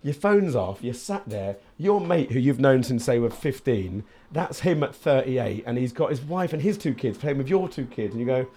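Man telling lively stories. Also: medium pitch, normal speed, few pauses. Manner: animated storyteller who acts out little voices. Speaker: podcast guest. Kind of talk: casual podcast conversation.

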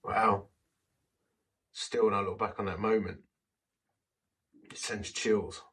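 A man's voice: on the low side, fairly even intonation, slow, fairly bright tone, slightly rough, distant mic. A man who is a vicar, telling a story in a sermon in a self-deprecating, anecdotal way and acting out the quotes.

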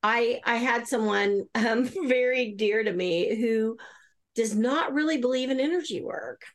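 Excited chatty woman on a podcast, slightly high voice, does energy work. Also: unhurried. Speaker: guest, energy healer. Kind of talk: casual interview conversation.

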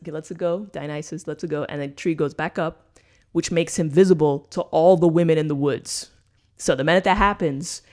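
A woman's voice: low voice, darkish tone. A woman co-hosting a podcast, retelling a story in casual, profane chat and checking in with "right?" after almost every point. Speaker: podcast co-host.

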